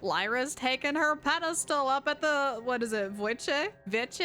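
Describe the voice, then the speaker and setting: A young woman comments on a video game during a live stream, in a bright, high voice. She is excitable and ranting, laughing and shrieking. Faint game music plays behind her. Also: unhurried, few pauses.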